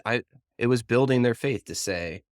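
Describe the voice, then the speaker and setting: A man's voice: mid-range voice, normal speed, no echo, clean studio sound. A man co-hosting a podcast who reflects on a Bible passage in a thoughtful, searching way and sometimes hesitates. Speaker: podcast co-host. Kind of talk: conversational Bible discussion.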